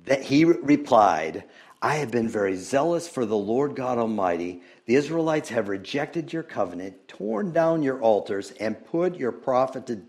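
A man preaching a sermon in a voice of ordinary pitch for a man. He swings from loud, emphatic bursts down to hushed, almost whispered passages, chuckling here and there and restarting his phrases. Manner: chuckles often, with hesitant restarts. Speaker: pastor.

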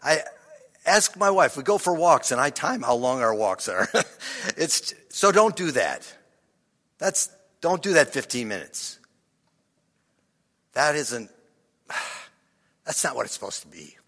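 An older man leads a meditative sermon, pacing himself slowly and sinking into breathy whispers between soft sighs. His tone is bright and his pitch moves a lot. The voice rings out with long reverb in a large church hall. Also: very animated. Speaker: pastor.

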